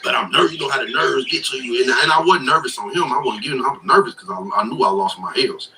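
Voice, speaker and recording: A man's voice: medium pitch, quick pace, a loud crowd. A man in his thirties telling a rambling, profane story in casual livestream chat. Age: 30s. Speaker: livestreamer and truck driver. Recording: distant mic with clear background noise.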